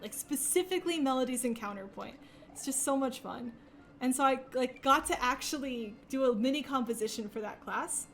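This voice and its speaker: High-pitched young woman chatting while she plays, lots of laughing and "like"s. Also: a little hiss or hum. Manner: chatty and rambling, laughs often, many fillers. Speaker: speedrunner streaming a game. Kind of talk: casual chat while playing.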